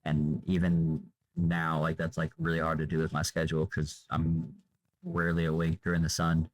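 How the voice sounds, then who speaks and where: A man's voice: rumbling low, completely flat delivery, normal speed, a little hiss or hum, rough recording. A young man vlogging off the cuff, tired and drained, talking in a loose, meandering way with lots of fillers and trailing off. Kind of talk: unscripted rambling monologue.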